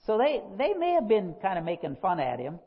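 Male pastor, casual podcast teacher, folksy and laughing, husky tone, muffled recording. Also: sits high, wildly swooping pitch, brisk. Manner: chatty, laughs often, folksy asides. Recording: dull lo-fi recording.

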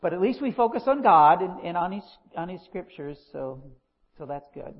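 A man teaching scripture in a relaxed podcast style, with folksy asides and frequent laughs. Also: high-pitched, moderate pace. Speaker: pastor. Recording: dull lo-fi recording.

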